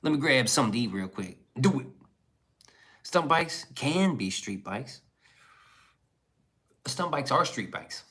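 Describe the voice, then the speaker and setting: A man's voice: medium pitch, animated, takes it slowly, long pauses, a bit bright. Profane casual male streamer. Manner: loose and profane, riffs on chat messages. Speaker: livestreamer reading chat.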